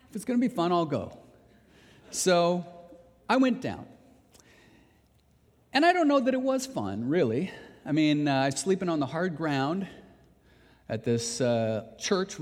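A man preaching a sermon as a pastor, telling a personal story in an earnest, emphatic way. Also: medium pitch. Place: church sanctuary. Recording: reverberant church hall.

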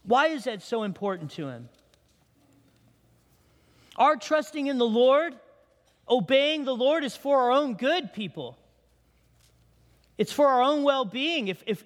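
A man's voice: very high voice, a bit bright. A middle-aged male pastor preaching a sermon in a conversational way, often putting questions to the congregation. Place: church sanctuary. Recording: long hall reverb.

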